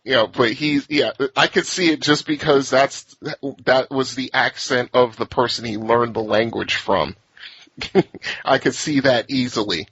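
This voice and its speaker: A man's voice: mid-range voice, measured pace, a bit bright, husky, no room sound, muffled recording. A man hosting a podcast in casual chat, laughing often and restarting his sentences. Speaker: podcast host.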